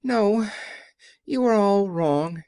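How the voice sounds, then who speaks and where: A man's voice: high voice, animated, extremely slow, a little mellow, smooth, dry recording, studio quality, pitched above the performer's own voice, exaggerated voice. A man voicing a meek, trembling little old man who is a fake wizard.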